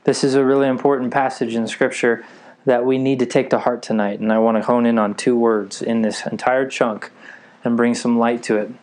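A man's voice: medium pitch, flat delivery, a little fast, darkish tone. A man preaching a sermon with eager energy, reading scripture and often checking that his listeners are following. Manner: eager, keeps checking in with the audience.

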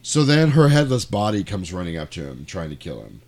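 Man, podcast host, casual chat, animated storytelling, home studio. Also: low voice, fairly quick. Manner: animated retelling with sound effects and acted quotes. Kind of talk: casual movie recap chat.

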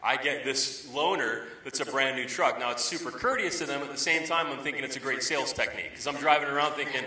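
Pastor preaching in a roomy hall. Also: male voice, medium pitch, fast, hardly any pauses, pushed and bright. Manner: conversational storytelling, emphatic repetition. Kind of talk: sermon. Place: church sanctuary. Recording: roomy, distant from the mic.

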